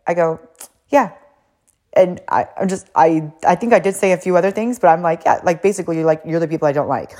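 A woman with a fairly low voice hosts her own podcast, spinning a casual story. Her pitch leaps and dips expressively as she talks. She is blunt, swears casually, peppers her speech with "like" and wanders into side notes. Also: fast. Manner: blunt and animated, swears casually, acts out quotes; frequent "like" fillers, digresses. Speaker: podcast host and coach.

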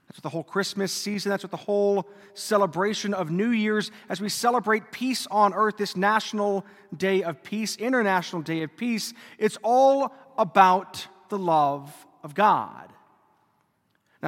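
High-voiced priest in echoing church. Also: male voice, fairly bright tone. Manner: conversational, joking asides. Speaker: Catholic priest. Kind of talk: homily at Mass. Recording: long church reverb.

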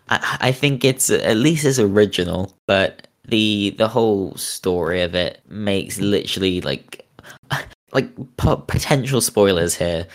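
A young British man with a neutral accent, co-hosting a casual podcast chat, rambling with lots of fillers and cynical asides. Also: fairly low pitch. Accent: neutral British, neither northern nor southern. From Britain. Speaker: podcast co-host.

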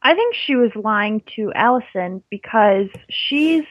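A woman's voice: a little high, animated, unhurried, dry recording, highs cut off. A woman co-hosting a podcast over a remote call, chatty and giggly in casual conversation. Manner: chatty and giggly, many fillers. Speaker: podcast co-host. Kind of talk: casual chat.

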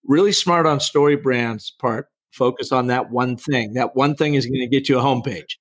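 A man's voice: medium pitch, moderate pace, a bit bright. A middle-aged man, a storytelling coach, talking in a podcast interview with an emphatic, persuasive coaching tone.

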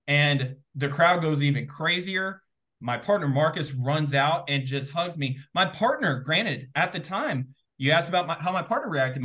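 A man guest telling an excitable, animated story in a casual interview, full of fillers and quick asides. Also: on the high side. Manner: excitable, animated, rapid filler-heavy retelling. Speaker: guest, former game show contestant.

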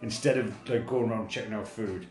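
A man's voice: fairly low pitch, steady tone, brisk, a little mellow, roomy sound, soft background music. Stammering, sweary man. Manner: sweary, self-mocking, stammering restarts. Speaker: podcast co-host. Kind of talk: casual chat.

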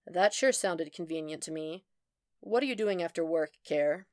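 A woman's voice: on the low side, expressive, normal speed, no echo, studio quality, natural voice. A woman voicing a brash, sly woman investigator, blunt and sardonic, in a storybook reading.

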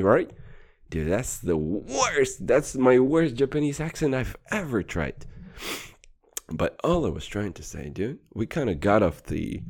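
A man's voice: mid-range voice, darkish tone. Podcast guy ranting crude and boastful, swears a lot, voice swings up and down. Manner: crude, profane, rambling and boastful. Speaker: podcast host. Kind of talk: comedic podcast rant.

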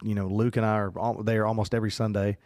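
Rambling man, low and dry. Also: flat delivery, fast, a little mellow, dry recording. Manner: rambling, many fillers and restarts. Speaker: podcast co-host. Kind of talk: casual podcast chat.

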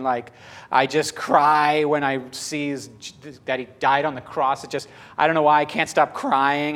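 A man's voice: fairly high pitch, fairly bright tone, clean tone. A man preaching a sermon in a conversational, emphatic way.

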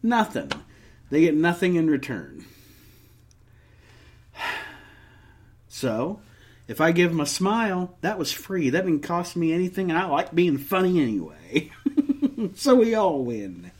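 A man's voice: on the high side, very animated, a little slow, pauses often. A man co-hosting a podcast in casual chat, ranting and swearing freely, often restarting sentences and joking at his own expense. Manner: many restarts and trailing off. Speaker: podcast co-host.

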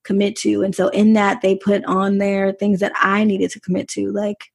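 A woman's voice: medium pitch, level tone, normal speed, vocal fry, slightly rough. A woman guest and parenting author talking candidly and reflectively in a podcast interview, laughing easily. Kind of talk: conversational interview.

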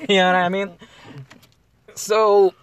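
A podcast host rambling in a loose, animated way about wrestling, laughing often. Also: male voice, high voice, slow pace. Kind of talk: casual wrestling chat.

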